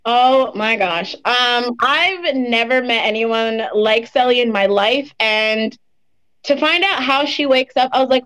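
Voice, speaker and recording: A woman's voice: on the high side, moderate pace, a bit bright, smooth, low-quality recording. A young woman chatting casually as an interview guest, full of "like" and "um" fillers. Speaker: interview guest, reality show contestant.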